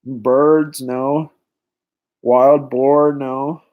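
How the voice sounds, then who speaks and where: A young man hosting a live-stream trivia night, excitedly greeting viewers in the chat by name. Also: medium pitch, very slow, narrow, tinny audio. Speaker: livestream host.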